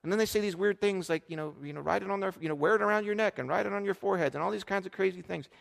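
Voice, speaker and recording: A man in his thirties gives a sermon from the pulpit, his voice sitting a bit high. He speaks in an earnest, chatty way, full of fillers and restarts. His words trail into the long echo of a big church hall. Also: very fast, creaky. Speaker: pastor. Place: church sanctuary.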